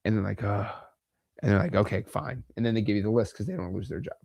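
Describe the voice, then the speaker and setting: With a low-leaning, creaky yet mellow voice, this American man talks rapid-fire with lively intonation. He casually teaches real estate wholesaling to camera in a blunt, emphatic, chatty style with slangy asides, and the audio has no echo.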